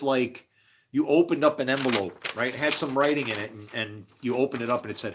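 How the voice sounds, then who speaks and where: A man delivering a rambling religious monologue, swinging from low mumbles to shouting and laughing to himself. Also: lively intonation, fairly quick, slightly rough.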